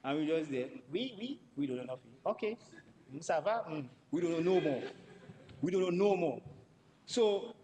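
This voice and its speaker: A man speaks in a parliamentary debate. He is emphatic and piles up repeated words for stress, in a somewhat high voice. The chamber adds a long reverb under a faint noise floor. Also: animated, moderate pace, warm tone. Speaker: member of parliament.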